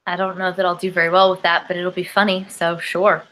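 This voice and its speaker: A woman's voice: on the low side, level tone, brisk, bright, forceful tone. A woman co-hosting a comedy podcast, chatting upbeat and reading out a list of thanks. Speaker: podcast co-host. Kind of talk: casual chat.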